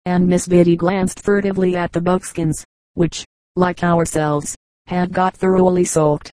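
A woman reading a story aloud in steady, measured scripted narration, with a close microphone. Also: fairly low pitch, no echo, low-quality recording. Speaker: audiobook reader.

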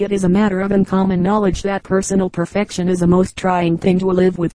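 A woman's voice: medium pitch, monotone, brisk, hardly any pauses, dark tone, no room sound, rough recording. A woman reading a collection of short humorous anecdotes as an audiobook narrator. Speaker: audiobook reader.

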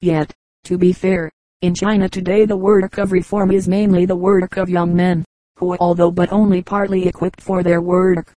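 An audiobook reader giving a measured, even narration of a travel memoir. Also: medium pitch, no room sound, rough recording.

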